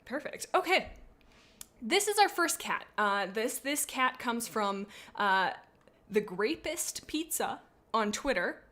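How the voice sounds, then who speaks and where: A woman's voice: fairly high pitch, animated, slow pace, bright, forceful tone. A young woman streamer chatting playfully and dramatically while rating viewers' pet cats, rambling with silly asides. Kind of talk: casual livestream chat.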